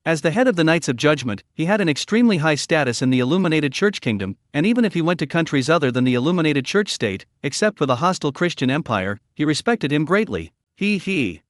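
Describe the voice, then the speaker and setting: A man reading a scripted story recap in a steady, even storytelling manner. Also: on the high side, fast talker, few pauses, no echo, studio quality. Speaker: recap narrator.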